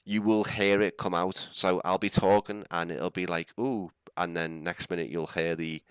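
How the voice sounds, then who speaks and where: A man's voice: low voice, little pitch movement, normal speed, fairly bright tone, clear, resonant tone, dry recording, studio quality. A young man with a Scouse accent, rambling and laughing as he chats through a live stream. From England. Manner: chatty, rambling, laughs often. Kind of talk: casual live-stream chat.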